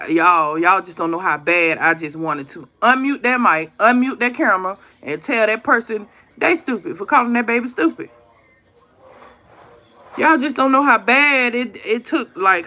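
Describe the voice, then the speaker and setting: A woman's voice: medium pitch, unhurried. Woman venting in casual chat. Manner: animated storytelling, talks straight to viewers as "y'all". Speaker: live stream host.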